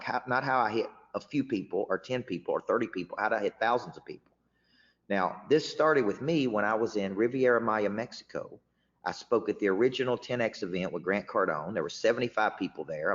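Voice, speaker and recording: A man hosting a motivational webinar as a business coach, emphatic and often restarting his words. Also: fairly low pitch. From Tennessee. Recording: muffled webinar audio with long reverb.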